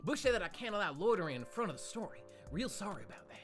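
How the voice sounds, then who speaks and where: A man's voice: sits high, big pitch swings, racing, fairly bright tone, faint music behind. A man putting on a hammy drawling impression as a smug male store manager in a game.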